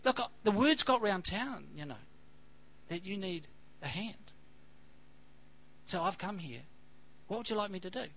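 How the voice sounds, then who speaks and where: A man's voice: sits high, expressive, measured pace, pauses often, fairly bright tone, slight background noise, voice pushed up, heavily acted, low-quality recording. A man voicing a friendly, laid-back working man offering to help a neighbour, speaking casually. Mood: offhand.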